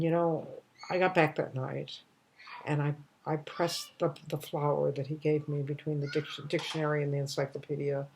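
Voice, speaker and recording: A woman in her eighties telling a personal story at home, in a halting way with restarts and soft trailing phrases. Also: low-pitched, slight background noise. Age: 80s. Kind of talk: casual storytelling monologue.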